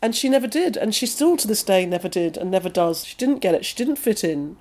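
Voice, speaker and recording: This is a woman with an English accent, speaking as a novelist in a long interview. She reflects out loud in an easy, conversational manner and often restarts her sentences mid-thought. Her voice sits at an ordinary middle pitch. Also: lively intonation, brisk.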